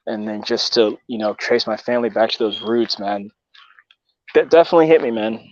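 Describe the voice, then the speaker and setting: A man's voice: lowish voice, fairly quick, darkish tone, no room sound, dull audio. A man from Texas talking casually as a co-host, rambling and swearing with many fillers. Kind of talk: casual chat.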